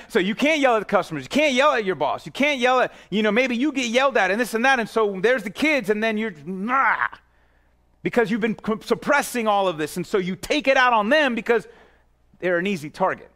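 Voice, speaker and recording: A male pastor preaching a sermon in a casual, conversational way, speaking straight to parents and kids, often restarting phrases and dropping to a low, quiet voice for emphasis.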